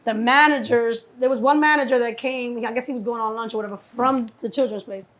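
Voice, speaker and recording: A middle-aged woman from New York, a guest telling stories in a casual interview, acting out quotes with lively swearing. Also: fairly high pitch, fairly quick. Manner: animated storyteller acting out quotes, heavy cursing. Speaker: guest, mother of a rapper.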